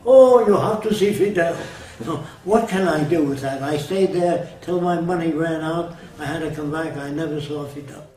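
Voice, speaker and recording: A man's voice: on the high side, fairly even intonation, normal speed, few pauses, darkish tone. An older man talking casually, telling plain-spoken anecdotes and giving blunt opinions. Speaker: guest. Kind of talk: casual storytelling conversation. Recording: roomy echo, far mic, music behind.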